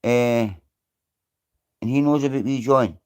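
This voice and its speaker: A Scottish man hosts a loose, rambling live stream, chatting straight to his viewers. His voice sits at an ordinary mid pitch, and he swears freely as he greets people by name. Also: steady tone, takes it slowly, clean tone. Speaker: livestream host. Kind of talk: casual live stream chat.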